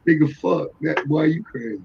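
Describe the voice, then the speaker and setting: A man's voice: fairly high pitch, normal speed, creaky, highs cut off, a little hiss or hum. A man calling into a show, chatting casually and telling stories animatedly with plenty of laughter. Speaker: guest on a call. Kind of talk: casual chat.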